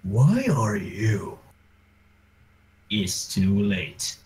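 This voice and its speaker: A man's voice: lowish voice, big pitch swings, very slow, a little mellow, slightly rough. A young man joking with friends during a game session, teasing and laid-back. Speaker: player in a group stream. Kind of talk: joking banter over a voice chat.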